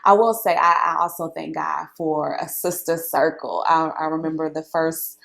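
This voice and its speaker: A woman in her late thirties tells her story as a guest in relaxed conversation. Her voice sits a little low and carries a gravelly, fried texture. She talks animatedly, with frequent laughs and fillers. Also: moderate pace. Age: late 30s.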